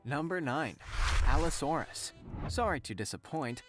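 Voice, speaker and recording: A man's voice: fairly high pitch, expressive, normal speed. A man reading scripted countdown narration for a list video. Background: faint background music.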